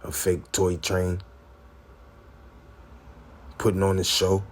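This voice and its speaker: Deep-voiced preachy male commentator. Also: monotone, slow, slight background noise. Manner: preachy, rhetorical, keeps asking "all right?". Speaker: religious commentator. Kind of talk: preaching commentary on video clips.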